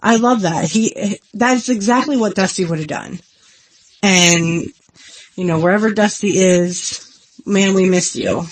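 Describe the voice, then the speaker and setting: A woman's voice: mid-range voice, unhurried. A woman hosting her own podcast in an earnest, rambling, self-deprecating casual chat. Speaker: podcast host.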